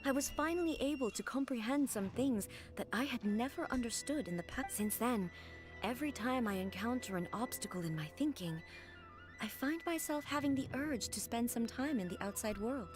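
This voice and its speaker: An actress voicing a composed, ageless female fox-spirit priestess in game dialogue, speaking in a measured, formal, aloof way. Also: fairly high pitch, expressive, over music, natural voice.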